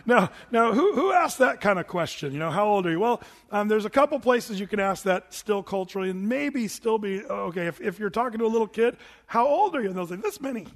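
High-voiced, animated storytelling pastor. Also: male voice, brisk, few pauses. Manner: animated, chatty, many restarts. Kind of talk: sermon with storytelling.

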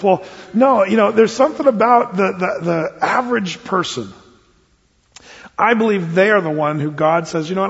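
A man's voice: high voice, slightly rough. A man preaching a sermon as a pastor, in a folksy, self-deprecating, conversational way. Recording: dull lo-fi, long hall reverb.

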